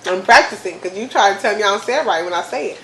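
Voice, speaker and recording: A woman's voice: mid-range voice, very fast, roomy sound, heavy background noise. A woman in her thirties, hosting a casual chat and laughing often as she repeats words. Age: 30s. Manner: animated, laughing, repeats words to test them. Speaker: mother and channel host.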